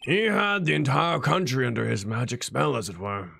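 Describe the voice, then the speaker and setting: A man voicing a formal, stately male courtroom figure in a gravelly voice, reading game lines aloud. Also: mid-range voice, sing-song, normal speed, pushed and bright, slight background noise, exaggerated voice. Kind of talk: playthrough voice acting.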